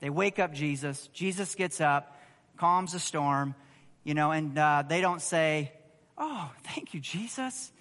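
A man preaching a sermon, conversational and animated, asking the congregation rhetorical questions. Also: fairly high pitch, unhurried, big-room sound. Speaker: pastor.

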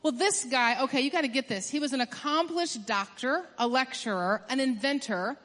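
A woman preaching a sermon in an emphatic way, rushing through some phrases and stretching out others for stress. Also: high voice, a bit bright. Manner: emphatic, swings from quick bursts to drawn-out stresses. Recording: long hall reverb.

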